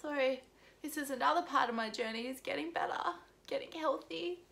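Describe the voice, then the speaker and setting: A woman's voice: sits high, brisk, creaky, fairly bright tone. A young woman from Australia talking earnestly in a personal vlog, pleading and close to tears at times. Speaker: vlogger.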